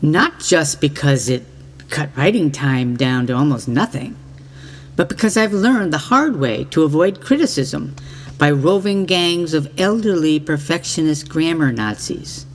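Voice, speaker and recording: A woman delivers a scripted comic monologue with mock-earnest sincerity, her pitch swinging up and down animatedly. The voice trails off into a long, hall-like reverb. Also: animated, measured pace, slight background noise. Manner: mock-earnest, playful wordplay. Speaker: narrator of a mock book trailer.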